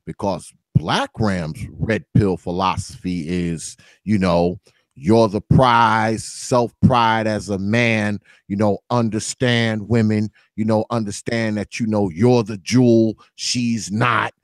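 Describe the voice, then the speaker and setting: A man's voice: lowish voice, fairly even intonation, slow pace, few pauses, no room sound. A man hosting a podcast in casual, loose chat, swearing freely and laughing often. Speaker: podcast host.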